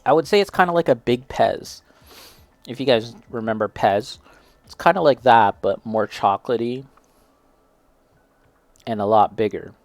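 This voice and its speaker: A man's voice: medium pitch, moderate pace, pauses often, dry recording. A young man casually chatting as he tastes and reviews snacks, self-deprecating and reacting as he eats. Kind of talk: casual snack tasting chat.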